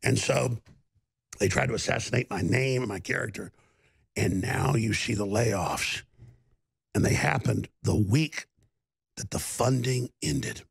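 Gravelly, husky talk-show man. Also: on the low side, lively intonation, unhurried, long pauses, no echo. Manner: emphatic, rambling. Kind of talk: talk radio monologue.

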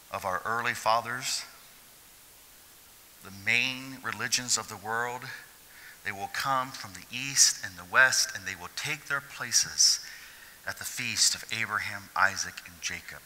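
Bright-voiced preacher man in a hall. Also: on the low side, a little hiss or hum. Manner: expressive preaching, swinging from hushed to shouted. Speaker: pastor. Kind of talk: sermon. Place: church hall. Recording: long hall reverb.

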